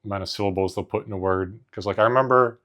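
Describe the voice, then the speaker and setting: A man's voice: lowish voice, fast, a bit bright. A young man co-hosting a podcast, rambling through anecdotes in casual chat and mimicking voices. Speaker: podcast co-host.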